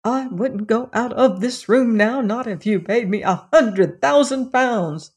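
A woman's voice: a little high, unhurried, husky, pitched above the performer's own voice. A woman voicing a nervous older housekeeper who frets and quavers. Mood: fretful. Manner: fretful, quavering.

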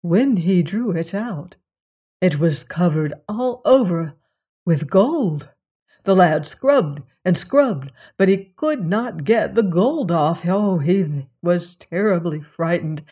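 A storyteller reading a fairy tale aloud in a slow, measured manner. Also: mid-range voice, expressive, warm tone.

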